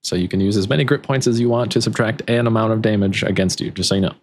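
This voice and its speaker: A man running a tabletop game as game master, casual, apologetic and quick to chuckle. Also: on the low side, husky.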